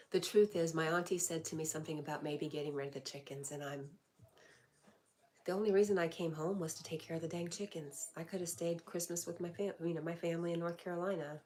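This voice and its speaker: A woman's voice: low voice, darkish tone. A woman hosting a casual livestream, reading viewer comments aloud and answering them in a chatty way. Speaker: livestream host. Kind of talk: casual live chat.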